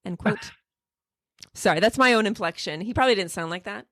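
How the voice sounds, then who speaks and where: A woman's voice: mid-range voice, moderate pace, fairly bright tone, dry recording. Give me a chatty woman co-host reading quotes on a close, dry mic. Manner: chatty, laughs at herself, reads quotes. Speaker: podcast co-host. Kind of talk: casual political commentary.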